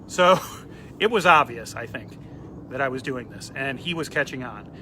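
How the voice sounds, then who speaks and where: A comedian telling a funny story in a casual, animated way, acting out the quoted lines. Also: male voice, mid-range voice, normal speed, slight background noise.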